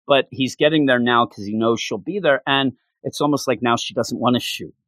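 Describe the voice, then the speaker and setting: Man, casual podcast chat, animated storyteller, dry close sound. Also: medium pitch, fairly quick, no room sound. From North America. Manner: animated storyteller, acts out characters' lines. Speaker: podcast co-host. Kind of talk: casual chat recapping a comic.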